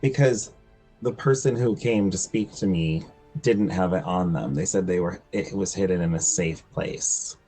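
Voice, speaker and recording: A man's voice: low voice, unhurried, warm tone, slightly rough, faint music behind. A man playing a tabletop role-playing game, talking in character in a rambling, earnest way and often correcting himself. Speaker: player.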